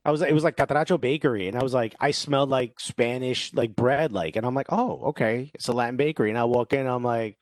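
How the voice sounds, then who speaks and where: Animated storytelling man, dry sound. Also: medium pitch, fast talker, hardly any pauses, dry recording. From Cuban-American background. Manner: animated storyteller, acts out quoted voices, many "you know"s. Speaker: podcast co-host. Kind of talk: casual chat.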